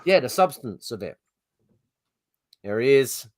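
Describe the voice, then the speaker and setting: A man's voice: medium pitch, big pitch swings, unhurried, dry recording. A middle-aged man in a casual podcast chat, venting and grumbling with frequent swearing. His voice sits mid-range, close and dry with no room around it. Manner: ranting, exasperated, swears freely. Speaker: podcast co-host.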